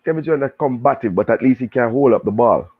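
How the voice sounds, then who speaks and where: A man with a Jamaican accent chatting casually about football, animated and full of patois banter. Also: mid-range voice, fast talker, breathy edge. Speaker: show guest and pundit. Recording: tinny phone line.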